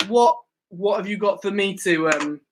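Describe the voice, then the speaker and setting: A man's voice: sits high, normal speed, a little hiss or hum. A man hosting a casual youth live stream, teasing his co-host and laughing as he eggs him on. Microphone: live stream mic.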